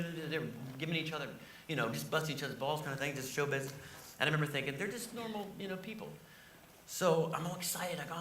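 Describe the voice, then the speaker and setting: A male comedian telling stories in a casual interview, animated and jokey. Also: fairly high pitch. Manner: animated, jokey, acts out voices. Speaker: comedian guest. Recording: roomy, distant mic, noisy.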